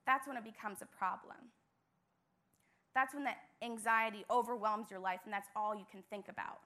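A woman's voice: mid-range voice, steady tone, moderate pace, sharp tone. A young woman, a church intern, giving an earnest devotional message with emphatic repetition.

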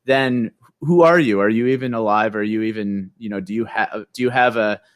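A man's voice: fairly low pitch, brisk, no room sound, studio quality. A man co-hosting a casual podcast, rambling and hesitant with many fillers. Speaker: podcast co-host. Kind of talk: casual chat.

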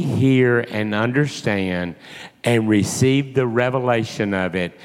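A man speaking as God in a slow, solemn voice. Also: lowish voice, long reverb tail, voice pushed down.

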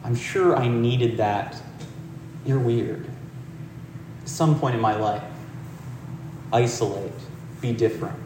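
A man speaks in a gentle, reflective, conversational way as he gives a meditation talk. His voice carries around a large echoing room, picked up from a distance with a faint ambience underneath. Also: medium pitch, a little slow, long pauses, noisy background. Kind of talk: dharma talk with storytelling. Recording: roomy hall, distant mic.

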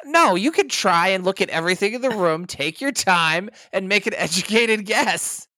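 A woman co-hosting a podcast in casual chat, making wry deadpan jokes and swearing casually. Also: medium pitch, normal speed, no echo. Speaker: podcast co-host.

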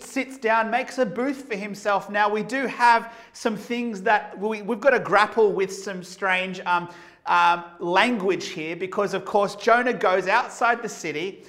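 A man preaching a sermon, moving between quiet reflective questions and loud, emphatic passages. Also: high-pitched.

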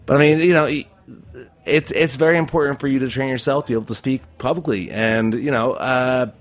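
Male debate coach on a radio panel, mid-pitched, rambling, plenty of "you know". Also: fairly quick. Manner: rambling with many fillers. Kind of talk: casual radio talk.

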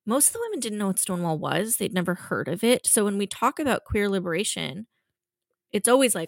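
Woman, author guest, earnest, heartfelt, gravelly low voice, dry close sound. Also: animated, no room sound. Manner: earnest, heartfelt, fast with restarts. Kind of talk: emotional conversational interview.

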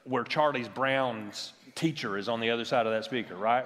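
A man's voice: mid-range voice, normal speed, fairly bright tone. A man preaching a sermon in a large church worship center, emphatic, often restarting his words and checking in with his listeners. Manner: emphatic, checks in with the audience with "right?"; frequent stammered restarts. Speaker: pastor. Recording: long hall reverb from a church sanctuary.

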